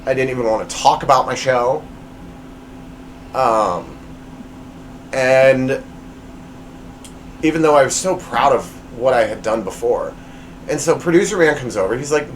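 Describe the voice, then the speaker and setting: A man's voice: medium pitch, animated, a little slow, long pauses, a little hiss or hum, low-quality recording. A man hosting his own podcast, telling a personal story in a rambling, self-deprecating way with lots of fillers and restarts, recorded at home. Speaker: podcast host.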